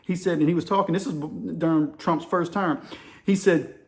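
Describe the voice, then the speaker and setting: A man's voice: a little high, steady tone, normal speed. A man talking casually and persuasively to his viewers, calling them y'all as he hosts his own channel. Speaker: channel host. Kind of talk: casual opinion monologue to camera.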